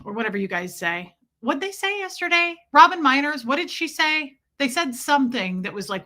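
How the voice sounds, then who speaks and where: A woman hosting a livestream, reading viewer comments and mimicking people in animated put-on voices. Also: a little high, moderate pace. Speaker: livestream host.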